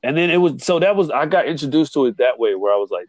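A man's voice: a little fast, dry recording, highs cut off. A man telling a college story in casual chat, acting out the people he quotes. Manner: animated, acts out quotes with jumps in pitch.

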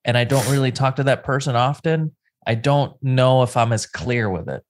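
A man's voice: mid-range voice, moderate pace. Easygoing man podcast co-host. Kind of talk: casual chat.

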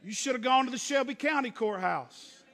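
A man preaching a sermon as pastor, swinging from loud emphatic preaching to low, hushed asides. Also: expressive, moderate pace, big-room sound.

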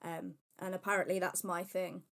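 A woman's voice: fairly low pitch, steady tone, moderate pace, fairly bright tone. A woman co-hosting a casual podcast, chatty and rambling, gushing about her interests. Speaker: podcast co-host. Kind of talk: casual chat.

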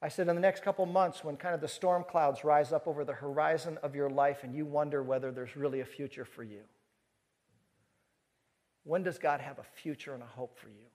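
A man preaching to a live audience, telling a story with lively acted-out dialogue. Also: a little high, a little fast. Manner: animated storyteller who acts out dialogue. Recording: long reverb of a large hall.

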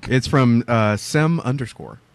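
A man's voice: mid-range voice, measured pace, clean tone. A man from the southern United States co-hosting a podcast in casual chat, dry and amused. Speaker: podcast co-host.

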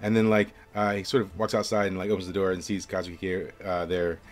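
A man's voice: sits low, little pitch movement, brisk. A young man narrating as game master of a tabletop game, rambling with lots of fillers.

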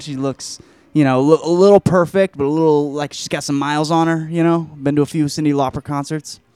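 A man's voice: a little high, darkish tone, clear, resonant tone, dry recording. A young man casually retelling a novel on his vlog, rambling and full of slang and swearing. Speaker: book reviewer, vlog host. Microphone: camera mic.

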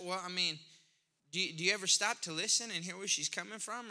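Bright-voiced, high-pitched male preacher. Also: fairly quick. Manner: conversational, animated preaching with rising emphasis. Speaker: pastor. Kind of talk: sermon.

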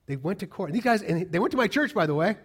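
A middle-aged pastor preaches with a fairly high voice, pressing his points hard. He repeats key lines for weight and throws questions out to the congregation as he goes. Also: lively intonation, fast talker, slightly rough. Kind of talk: sermon.

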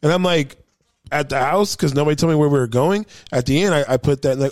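A man hosting a casual group chat, animated, teasing and profane. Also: fairly high pitch, fast, no echo, clean studio sound.

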